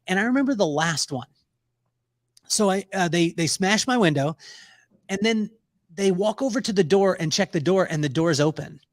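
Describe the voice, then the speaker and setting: A middle-aged man, a podcast guest, telling stories in a casual, animated way, laughing often and acting out the voices of people he quotes. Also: high voice, moderate pace, no room sound, clean studio sound. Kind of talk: storytelling in a casual interview.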